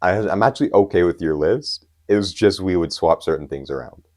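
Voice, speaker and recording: A man's voice: low-pitched, lively intonation, a little fast, a little mellow. A young man co-hosting a podcast, talking casually and emphatically as an enthusiastic fan. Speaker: podcast co-host. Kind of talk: casual chat.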